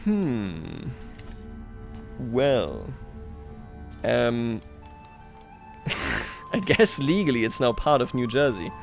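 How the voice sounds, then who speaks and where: A man's voice: medium pitch, sing-song, very slow, creaky, long pauses, faint music behind. A man livestreaming a strategy game, talking casually to his chat, self-mocking and chuckling often. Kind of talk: casual gameplay commentary.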